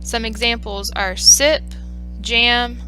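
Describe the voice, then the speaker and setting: A woman giving a scripted lesson on teaching reading, speaking clearly and in a measured way, slowing down on example words. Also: fairly high pitch, steady tone, pushed and bright, faint music behind, rough recording. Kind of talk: scripted instructional narration.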